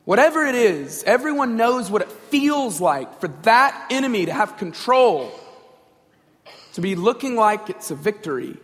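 Male pastor, sermon, very high bright voice, direct and conversational, big-hall reverb. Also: big pitch swings, moderate pace. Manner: direct, conversational, asks the audience questions. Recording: long reverb in a large hall.

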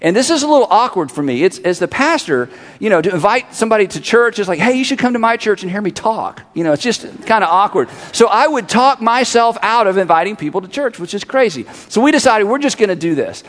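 A middle-aged male pastor with a notably high voice, preaching in an animated way and hammering his points home through repetition. His words ring out with a long reverb across a big church auditorium. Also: fast, hardly any pauses. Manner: animated, repeats phrases for emphasis, leads congregation in call-and-response. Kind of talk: sermon.

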